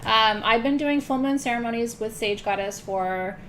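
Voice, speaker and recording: A woman's voice: a little high, normal speed, a bit bright, slight background noise. Laughing, joking woman host. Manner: joking, self-mocking, swears casually, laughs often. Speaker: host of an online spiritual ceremony. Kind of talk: live-streamed casual chat.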